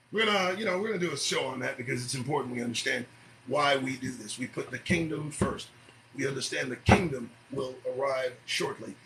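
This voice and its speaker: A man hosting an early-morning commentary show, preaching and swearing as he swings from shouting to low muttering. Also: slight background noise, rough recording.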